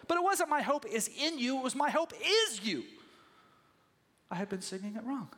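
A man preaching a sermon as pastor, telling stories with lively acted-out voices. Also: very high-pitched, fast, long reverb tail. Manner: animated storytelling, acting out voices.

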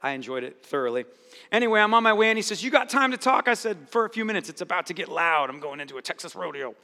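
A high, bright-toned man preaching a sermon with emphatic, repeated phrases. His middle-aged voice carries through a large hall with a long reverb. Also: animated, fast. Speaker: pastor.

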